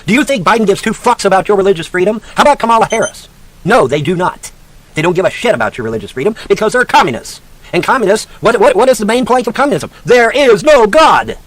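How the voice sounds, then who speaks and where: A man in full rant, swearing freely and hurling insults in a fairly high voice that leaps up and down. He talks down like a scornful teacher quizzing a class, his pitch jumping with every jab. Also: big pitch swings, fast, no room sound. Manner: profane, mocking, shouting insults at a named woman; sarcastic, lecturing like a teacher. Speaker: online commentator. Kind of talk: angry rant.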